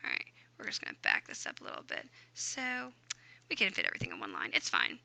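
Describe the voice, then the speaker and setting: A woman's voice: sits low, wildly swooping pitch, fast talker, creaky, bright, forceful tone, poor audio. A woman teaching a grammar lesson over a screen recording, upbeat and chatty, talking through each step aloud. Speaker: Spanish teacher.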